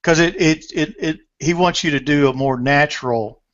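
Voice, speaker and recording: A man's voice: a little high, moderate pace. A man hosting a casual online discussion, rambling with many restarts over a video call. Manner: rambling, restarts often, apologetic. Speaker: host. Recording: lo-fi call audio.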